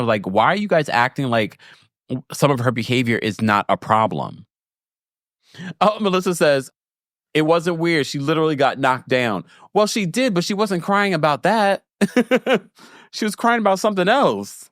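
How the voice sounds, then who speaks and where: A man hosting a casual recap show, chatty and animated, laughing and correcting himself as he talks. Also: medium pitch, dry recording, studio quality. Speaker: show host recapping a reality series. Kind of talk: casual live recap chat.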